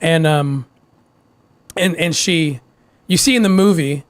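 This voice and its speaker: A male guest telling a personal story in a halting way, repeating words and laughing between phrases. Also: fairly high pitch, no room sound. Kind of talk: emotional storytelling.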